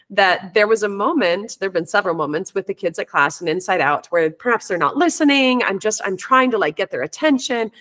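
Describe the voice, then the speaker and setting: In a relaxed conversation, a parent educator and coach reflects aloud and tells stories, frequently starting her sentences over as her thoughts form. Her voice is medium-pitched and a bit bright.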